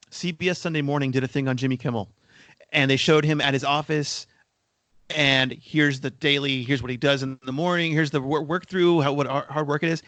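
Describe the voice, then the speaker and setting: Man, podcast co-host, slightly higher voice, rambling delivery with restarts and a cough, dry recording. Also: fairly bright tone, no room sound. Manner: rambling, repeats words when starting sentences. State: coughing now and then. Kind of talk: casual podcast discussion.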